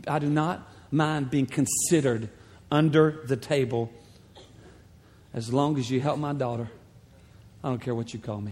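A man's voice: medium pitch, darkish tone, breathy edge, voice pushed down, natural voice. A man voicing a persistent mother who begs for help for her daughter, in an earnest, plain-spoken way. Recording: long hall reverb.

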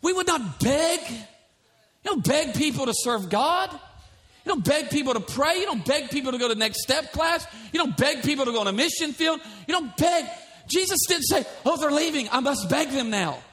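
A man's voice: very high-pitched, animated, moderate pace, fairly bright tone. A male pastor preaching a sermon in a church, emphatic, with many repeated rhetorical questions.

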